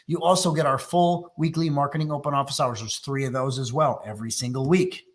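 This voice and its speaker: A man from Texas hosting a live sales webinar, pitching a coaching program with fast, enthusiastic delivery. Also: fairly even intonation. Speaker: sales trainer and host.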